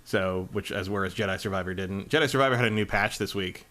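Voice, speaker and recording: Man, low voice, laid-back rambling gaming podcast chat. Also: fast talker. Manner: relaxed, rambling, many fillers. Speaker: podcast co-host.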